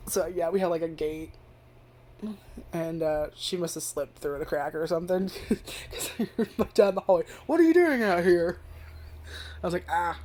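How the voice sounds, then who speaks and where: A woman's voice: sits low, warm tone. Rambling, foul-mouthed young woman reviewer. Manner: rambling and profane, heavy use of filler "like". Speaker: anime reviewer. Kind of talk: casual ranty review.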